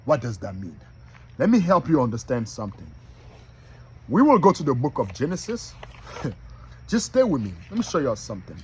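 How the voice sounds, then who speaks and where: A man teaching from the Bible like a preacher, reading verses slowly and asking the listeners if they are following him. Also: medium pitch, huge pitch swings, a little hiss or hum. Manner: reads verses slowly and repeats them. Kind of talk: street-style bible teaching.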